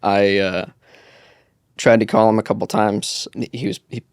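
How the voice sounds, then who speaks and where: A man chatting as a podcast guest, speaking reflectively and haltingly with fillers. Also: fairly low pitch, a little mellow, smooth, no echo, clean studio sound. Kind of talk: casual podcast chat.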